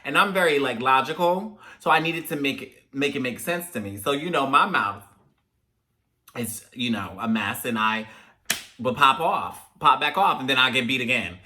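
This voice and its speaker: A young man talks casually to his viewers in African American English, swinging into animated bursts as he retells what parents used to say. His voice is very bright and sits at a middle pitch. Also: normal speed. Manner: chatty, animated when telling parent stories. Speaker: host. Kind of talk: casual chat, storytelling to viewers.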